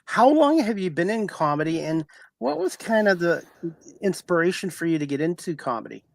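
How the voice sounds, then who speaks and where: A man's voice: high-pitched, big pitch swings, normal speed, gravelly, no echo. A man hosting a live-streamed interview show in a dry, close-sounding voice. His tone is friendly and conversational, and he tends to ramble a little as he asks his guest questions. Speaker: talk show host.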